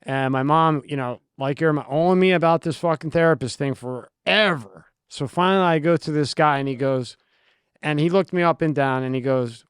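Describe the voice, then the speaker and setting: Philly guy hosting a podcast, smooth clear voice, slightly high, blunt and swears, dry sound. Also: normal speed, no echo. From South Philadelphia. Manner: blunt, profane, playful. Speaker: podcast host. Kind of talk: casual interview chat.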